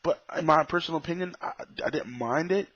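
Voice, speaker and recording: A man's voice: fairly high pitch, quick pace, fairly bright tone, no echo. A man giving a casual, blunt and profane spoken movie review, full of restarts and strong opinions. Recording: dull, slightly lo-fi dry recording.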